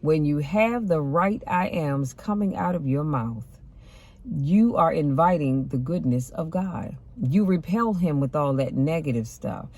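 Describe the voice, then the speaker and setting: A woman's voice: low-pitched, animated, unhurried, darkish tone. A woman host giving an encouraging faith talk, speaking in an exhorting, preachy way. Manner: preachy, exhorting, calls out "come on now". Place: parked car.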